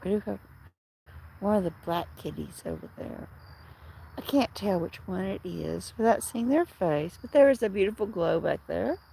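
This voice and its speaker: A woman's voice: mid-range voice, big pitch swings, normal speed, creaky, warm tone, a little hiss or hum. A middle-aged woman chatting casually with viewers on a livestream from home, rambling through stories with many restarts. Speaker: livestream host.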